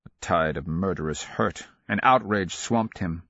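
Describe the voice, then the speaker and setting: A man narrating a fantasy audiobook in a measured, dramatic storytelling manner. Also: low voice, creaky, a bit bright, dry recording, highs cut off.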